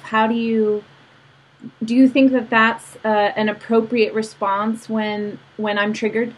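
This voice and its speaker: A woman's voice: fairly high pitch, a little slow, poor audio. A woman hosting an interview as a mother, conversational and affirming, asking long questions. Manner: warmly affirming, conversational, asks at length. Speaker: podcast host and mother. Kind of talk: casual interview chat.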